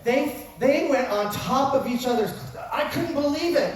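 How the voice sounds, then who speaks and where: Joking coach in an echoey hall. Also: male voice, extremely high pitch, lively intonation, unhurried. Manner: joking storyteller with self-mocking asides. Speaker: wrestling coach. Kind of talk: humorous after-dinner speech. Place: large banquet hall at a dinner event. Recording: very echoey hall recorded from far off, faint noise.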